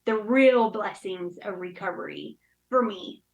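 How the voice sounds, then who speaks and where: A woman's voice: mid-range voice, lively intonation, measured pace, vocal fry, poor audio. A woman in her thirties speaking candidly and emotionally in casual chat, with many fillers. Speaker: guest.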